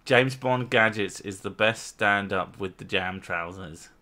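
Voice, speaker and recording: A man's voice: fairly low pitch, unhurried, sharp tone. A man hosting casual chat at home with his wife, bantering and arguing with lots of swearing. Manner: profane, argumentative banter. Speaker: channel host.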